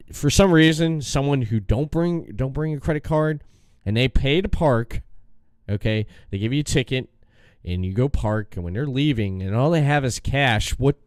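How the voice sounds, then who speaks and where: A man hosting a casual podcast chat, his voice at an ordinary middle pitch. He tells stories with lots of energy, acts out his own rants and laughs often. The sound is dry, with no room echo. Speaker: podcast host.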